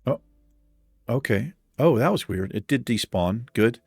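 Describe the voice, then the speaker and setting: A man's voice: medium pitch, animated, unhurried, vocal fry, darkish tone, husky, no room sound, clean studio sound. A man hosting a gaming channel, thinking aloud and muttering in casual let's-play commentary, mildly exasperated.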